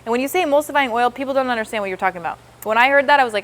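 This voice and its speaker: A woman's voice: on the high side, racing, fairly bright tone. A woman giving a sales training demonstration, enthusiastic and coaching, acting out how customers react.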